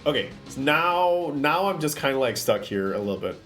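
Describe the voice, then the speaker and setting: A man's voice: a little high, expressive, normal speed, a bit bright, soft background music. A man streaming live, chatting casually while setting up an avatar, often slipping into playful theatrical bits.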